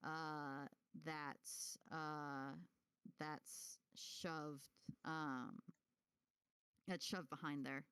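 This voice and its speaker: A woman running a tabletop game as game master, narrating haltingly with many fillers and giggles. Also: deep voice, fairly even intonation, a bit bright, smooth, no echo. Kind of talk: casual tabletop role-play narration.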